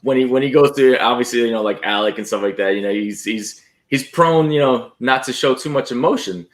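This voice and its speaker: A man who is a guest on a casual live stream, talking in a halting way, repeating words and laughing often. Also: medium pitch.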